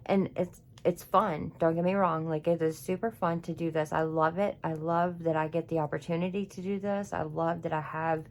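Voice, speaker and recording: A woman's voice: low voice, level tone, normal speed, hardly any pauses. Emotional gushing woman crafter. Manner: gushing, emotional, chatty, says y'all a lot. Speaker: craft YouTuber. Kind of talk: casual craft unboxing vlog. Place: home craft room.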